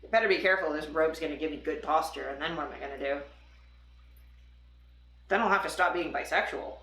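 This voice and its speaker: A woman's voice: sits low, fast, fairly bright tone, a little hiss or hum. A young woman chatting casually on a live stream at home, swearing freely and rambling with fillers. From Toronto, Canada. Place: home room, livestream. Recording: roomy echo with music playing.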